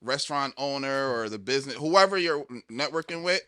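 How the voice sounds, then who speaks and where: A man with a very bright, piercing tone talks in a casual podcast. He gives upbeat, practical advice, and his voice is recorded close and dry. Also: mid-range voice, animated, brisk, clear, resonant tone, no echo. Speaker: award-winning filmmaker guest.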